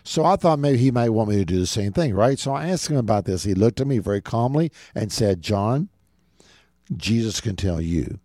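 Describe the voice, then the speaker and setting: A man's voice: medium pitch, expressive, fast talker, hardly any pauses, mellow, dry recording, studio quality. A middle-aged man preaching a radio sermon, earnestly and directly calling his listeners "folks". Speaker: radio show host and preacher.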